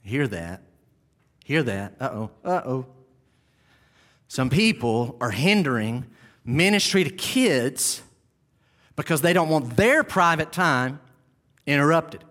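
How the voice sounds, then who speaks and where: A man preaching a sermon as pastor, animated, acting out scenes and dropping to quiet asides. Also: on the high side, slow, pauses often. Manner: animated, acts out shouting disciples, drops to near-whisper asides.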